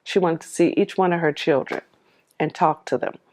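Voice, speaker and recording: A woman's voice: deep voice, moderate pace, a little mellow. A woman telling her life story to the camera, heartfelt and vivid, replaying old conversations as dialogue. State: tearful at moments.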